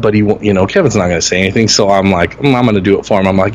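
A man's voice: lowish voice, fast, few pauses. A man co-hosting a casual podcast, telling stories animatedly and acting out quotes in a raised voice. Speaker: podcast co-host. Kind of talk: casual storytelling chat.

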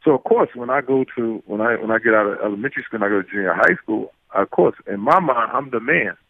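A man tells stories as an interview guest, lively and loose, full of restarts and little acted-out exchanges. His voice comes through a tinny, phone-like line, dry and close. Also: mid-range voice, fast talker, no echo. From New York. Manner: animated, acts out quoted exchanges, many fillers and restarts. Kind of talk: casual storytelling.

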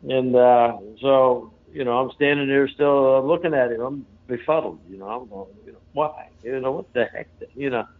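A man tells a long story in a loose, folksy way, full of fillers and restarts. He sits at an ordinary, middling pitch. The sound is narrow and tinny, like a phone line. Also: normal speed. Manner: rambling, folksy, lots of fillers. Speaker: interview guest. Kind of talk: casual storytelling.

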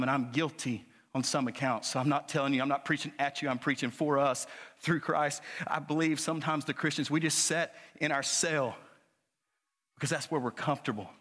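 A man's voice: fairly even intonation, brisk. Preaching man in a reverberant church. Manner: builds from low, quiet talk to loud, high-pitched preaching. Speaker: pastor. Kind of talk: sermon. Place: church sanctuary.

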